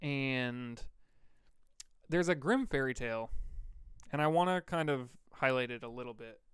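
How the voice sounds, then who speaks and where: A man from Vermont co-hosting a podcast, telling stories in a rambling, relaxed way with lots of fillers. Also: mid-range voice, a little slow, smooth, no echo. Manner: rambling, laid-back storyteller with fillers. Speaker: podcast co-host. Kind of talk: casual storytelling chat.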